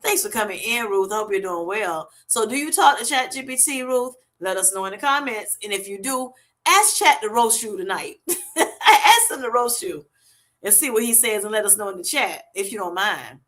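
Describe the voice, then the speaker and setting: With a fairly bright mid-range voice, animated but at normal speed, a woman hosts a casual livestream. She reads the chat aloud, breaks into laughter often and calls people honey and baby.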